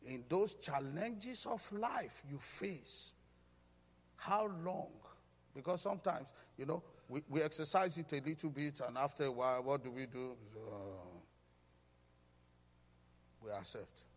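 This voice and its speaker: A pastor preaching a sermon with emphatic call-and-response, urging the congregation to repeat after him. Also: male voice, mid-range voice, animated, a little slow. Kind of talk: sermon teaching. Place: church hall. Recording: hall reverb.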